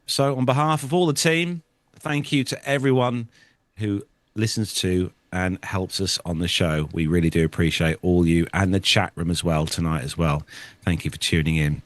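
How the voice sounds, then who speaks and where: A man's voice: lowish voice, dry recording. A man hosting a casual podcast, chatty and genial, thanking each guest in turn. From United Kingdom. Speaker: podcast host. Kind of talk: casual podcast chat and sign-off.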